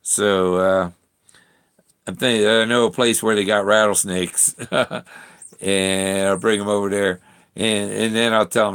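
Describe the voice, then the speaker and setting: A man's voice: lowish voice, steady tone, measured pace, fairly bright tone, clean tone. A man vlogging from a campsite in a casual, rambling way, chuckling often and trailing off mid-sentence. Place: outdoor campsite.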